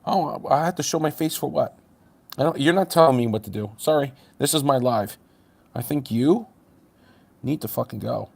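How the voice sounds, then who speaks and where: A man holds forth on a livestream, his voice rough and gravelly, at an ordinary middle pitch. He rants bluntly at his chat, swearing freely, then turns sarcastic and mocking toward the viewers. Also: normal speed. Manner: ranting, blunt and confrontational with swearing.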